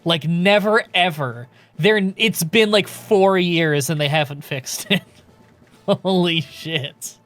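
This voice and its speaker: A male game streamer talking casually to his viewers. His voice sits a little high. He is loose and quick to swear. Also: fairly bright tone. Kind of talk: live game stream chat.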